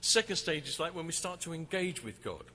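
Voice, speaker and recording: A man teaching about worship at a conference, animated as he tells a story. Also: a little high, fairly quick, slight background noise. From England. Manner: animated, acts out shouting crowd. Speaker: worship leader. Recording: reverberant hall, faint ambience.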